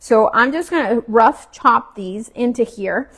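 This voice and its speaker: A woman with a slightly high voice chats her way through a home cooking demo. She talks loosely and casually as she works, and sometimes she is chewing. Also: measured pace. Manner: chatty, relaxed, talks while cooking and chewing. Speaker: cooking vlogger. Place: home kitchen.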